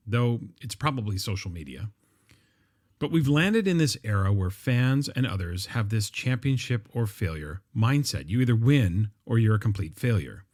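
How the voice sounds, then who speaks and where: Man hosting an education podcast. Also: lowish voice. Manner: conversational, with frequent fillers and restarts. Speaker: podcast host. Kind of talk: solo podcast monologue.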